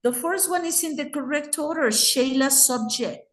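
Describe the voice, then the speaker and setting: A woman's voice: sits high, normal speed, roomy sound. A woman with a Mexican Spanish accent teaching English grammar in an online class, patiently explaining and checking in with her students.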